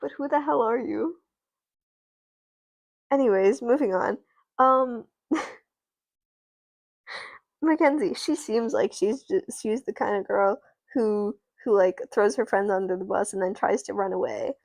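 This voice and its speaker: A woman on a livestream who slowly rambles through an improvised doll story and keeps stopping herself mid-sentence. Her voice is fairly high and gravelly, and the sound is dry and close. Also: no echo. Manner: meandering, self-interrupting, laughing. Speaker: streamer.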